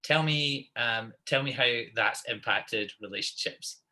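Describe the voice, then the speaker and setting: A man hosting a podcast in casual chat, relaxed and halting, often restarting his sentences. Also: medium pitch. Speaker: podcast host.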